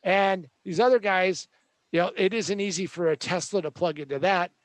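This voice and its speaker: High-voiced man ranting about gadgets. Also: moderate pace, no echo. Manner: sarcastic, joking, rambling. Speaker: host. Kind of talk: comedic tech rant.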